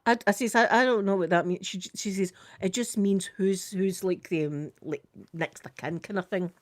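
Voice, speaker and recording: An older Scottish woman tells a story in a lively, chatty way and keeps saying "I says" as she retells what was said. Her voice sits at a middle pitch, and the recording is close and dry with no room sound. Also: normal speed, dry recording. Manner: animated, repeats "I says" while retelling a conversation. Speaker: vlogger. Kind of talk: casual storytelling chat.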